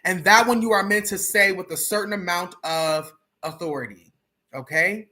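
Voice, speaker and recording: A spiritual teacher on a livestream, chanting syllables slowly and deliberately and laughing at themselves between chants. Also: mid-range voice, sharp tone.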